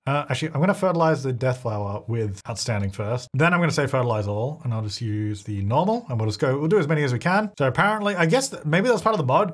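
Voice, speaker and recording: A man casually commenting on his own gameplay, chatty and thinking aloud, often laughing. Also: a little high. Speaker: gaming channel host.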